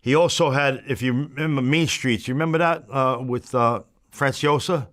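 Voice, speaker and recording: A man's voice: medium pitch, moderate pace, fairly bright tone. A man in his seventies, an interview guest telling a blunt, profane anecdote in punchy, casual storytelling. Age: 70s.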